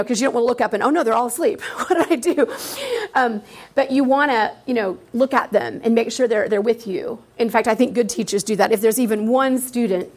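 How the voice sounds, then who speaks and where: A middle-aged woman teacher giving an informal workshop talk to fellow teachers. Her voice sits somewhat high. She talks in a lively, easy way and slips into little voices as she acts out her students' answers.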